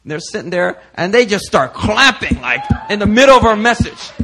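A man preaching, telling a chatty testimony in an animated, storytelling way with lots of fillers. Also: high-pitched, moderate pace, a little hiss or hum.

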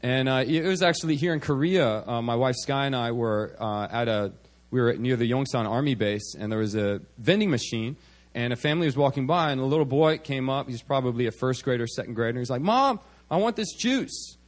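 A man's voice: mid-range voice, brisk. A man preaching a sermon at a church service, speaking conversationally and often checking in with "okay" and "all right".

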